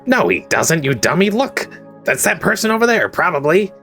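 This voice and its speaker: A man voicing a nervous, excitable male kobold cultist in a tabletop game, with jittery, squeaky outbursts. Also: moderate pace, gravelly, faint music behind, exaggerated voice. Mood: excited.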